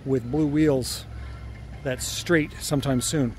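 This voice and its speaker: Slow and fairly even in intonation, his medium-pitched, slightly mellow voice comes with a bit of background noise. A car restorer and channel host, he ambles through his home workshop and driveway for a casual vlog, rambling, correcting himself, and speaking fondly of the cars.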